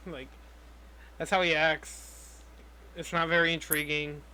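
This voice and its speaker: A man's voice: on the high side, level tone, measured pace, pushed and bright, clear, resonant tone. A young man co-hosting a casual movie podcast, laughing and swearing, slipping into mocking voices. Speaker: podcast co-host. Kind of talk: casual movie review chat.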